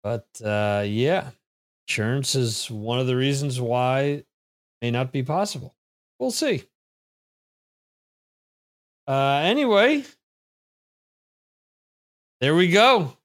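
A US trivia show host talks casually on a live stream through his computer mic, rambling while he reads out what viewers write. He has a mid-range voice and speaks in an animated but slow way, pausing often.

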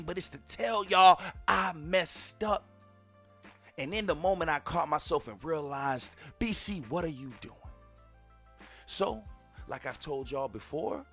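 A man in his thirties hosting a podcast, telling a personal story and repeatedly addressing his listeners directly in an animated way. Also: mid-range voice. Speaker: podcast host.

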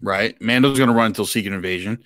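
A man co-hosting a casual podcast, relaxed and easygoing, often chiming in with agreement. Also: lowish voice, quick pace, no echo, studio quality. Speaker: podcast co-host. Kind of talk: casual chat.

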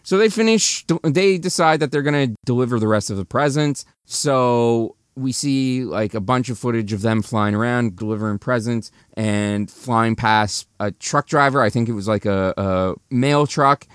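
A man giving a chatty, animated recap of a movie's plot, restarting sentences as he goes. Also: medium pitch, moderate pace, hardly any pauses, clear, resonant tone, no echo, clean studio sound.

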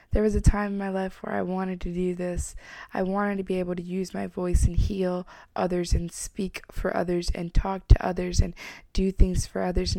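A woman's voice: medium pitch, darkish tone, no echo. A woman hosting a spoken self-help talk, earnest and personal, who repeats phrases for emphasis. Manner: earnest, reflective, openly personal. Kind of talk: motivational self-help monologue.

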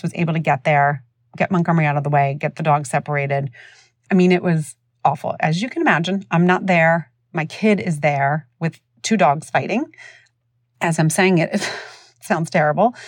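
Woman podcast host, thirties, low pitch, dry close sound, chatty and animated storyteller. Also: moderate pace, dry recording. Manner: animated, acts out voices of others. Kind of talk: casual storytelling.

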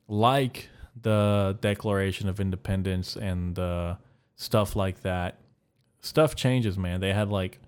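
Young male podcast host, deep and clean-toned, deadpan, crude and rambling. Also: clean tone. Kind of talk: solo comedic podcast monologue.

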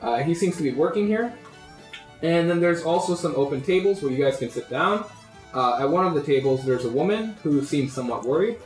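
A man's voice: on the high side, expressive, fairly quick, faint music behind. A man running a tabletop game as game master, narrating casually with plenty of uhs and likes. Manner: casual, filler-heavy narration with many "uh" and "like". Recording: roomy recording.

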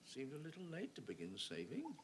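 An actor playing a weary older gentleman, a father of daughters, speaking in a dry, measured, self-reproaching way in a period film drama. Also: fairly high pitch, huge pitch swings, a little hiss or hum. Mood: rueful.

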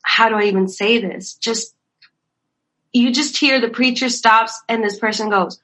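With a fairly high pitch and a somewhat slow pace, a young woman who works in ministry tells funny church stories as a guest in casual conversation. She's animated, laughs frequently, and dramatizes quotes in a raised voice. The recording is low quality, with slight background noise.

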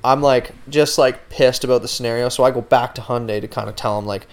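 A young man with a smooth, resonant voice hosts a podcast and tells a story in a relaxed way. His delivery is animated, with plenty of swearing and "like" fillers. His pitch sits in an ordinary middle range. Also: fast talker. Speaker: podcast host. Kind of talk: casual storytelling chat.

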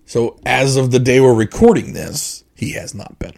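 A man's voice: medium pitch, lively intonation, normal speed, vocal fry, darkish tone. A man co-hosting a casual podcast chat, explaining things in an opinionated way with frequent fillers and restarts. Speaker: podcast co-host.

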